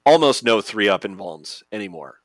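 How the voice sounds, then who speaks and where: A man's voice: lowish voice, sing-song, normal speed, dry recording. A man co-hosting a podcast who talks through game rules in a casual, methodical way with plenty of fillers. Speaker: podcast co-host. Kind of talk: casual explanatory chat.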